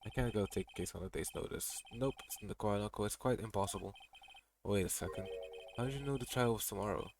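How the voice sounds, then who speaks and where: Dude doing a pompous old lawyer guy, gruff and impatient, kinda full of himself. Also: on the low side, quick pace, noisy background, close to an everyday voice. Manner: gruff, self-important, impatient. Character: pompous, blustering older male lawyer. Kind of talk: reading game dialogue aloud.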